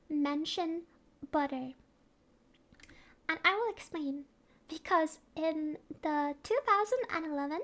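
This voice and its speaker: Young woman, very high voice, giggly mock-serious comic host. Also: a bit bright. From Norway. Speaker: vtuber streamer. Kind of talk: comedic explainer.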